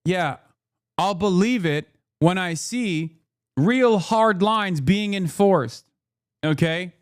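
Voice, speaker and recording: An American man livestreams his reactions to news clips, ranting with heat, sarcasm, and profanity. His voice sits high and sounds clean, and he speaks slowly and expressively.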